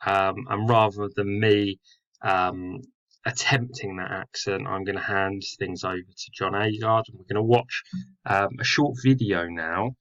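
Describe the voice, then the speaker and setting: A male English teacher explaining a poem in a recorded lesson, filling pauses with "um". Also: lowish voice, steady tone, a bit bright, muffled recording. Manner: explanatory, with many fillers.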